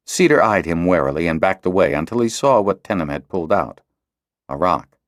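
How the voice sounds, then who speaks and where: A man narrating a fantasy audiobook in an expressive storytelling style. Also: deep voice, fairly quick, no room sound, studio quality. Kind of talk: scripted narration.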